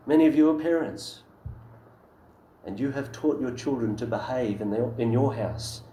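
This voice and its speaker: Male preacher, mid-pitched, emphatic and earnest, in a reverberant church room. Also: normal speed, mellow, a little hiss or hum. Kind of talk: sermon.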